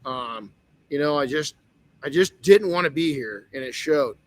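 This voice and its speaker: A man's voice: on the high side, animated, a little slow, dry recording. A middle-aged man hosting a motivational podcast, telling a personal story earnestly with many restarts. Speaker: podcast host.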